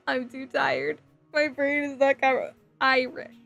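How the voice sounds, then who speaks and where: Speaking slowly in a level, gravelly yet slightly bright voice that sits fairly high, a New Jersey woman builds a model kit on stream with soft music playing. Giggly and scattered, she chats casually and reads viewer messages aloud to reply.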